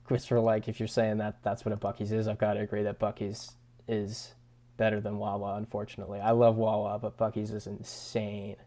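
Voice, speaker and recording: A young male streamer chatting loosely with his viewers in a low, gravelly voice. His tone is mellow and relaxed, and he chuckles easily and trails off mid-thought. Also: brisk. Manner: laid-back, chuckling often, trailing restarts. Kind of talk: casual livestream chat reading viewer comments.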